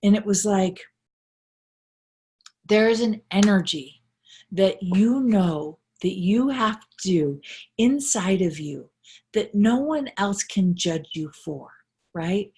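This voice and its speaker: A middle-aged woman coach talks straight to her audience in a casual, heartfelt way, her voice husky and breathy. She stresses points by repeating phrases and keeps checking in with a quick "right?". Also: mid-range voice, lively intonation, a little mellow. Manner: earnest, emphatic, repetitive, with frequent "right?" tags. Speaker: life coach and motivational speaker. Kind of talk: casual live motivational talk.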